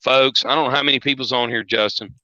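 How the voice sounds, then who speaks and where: A man's voice: mid-range voice, steady tone, quick pace, pushed and bright, no room sound. A man calling in to a livestream, speaking bluntly and urgently. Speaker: call-in guest. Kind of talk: casual chat. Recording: dry, dull lo-fi call audio.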